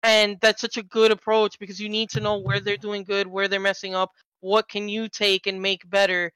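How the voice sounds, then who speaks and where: A woman co-hosting a casual video game talk show. She talks enthusiastically, rambles, and throws in quick asides. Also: mid-range voice, flat delivery, a bit bright, clean tone, no room sound, poor audio. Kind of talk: casual game-discussion chat.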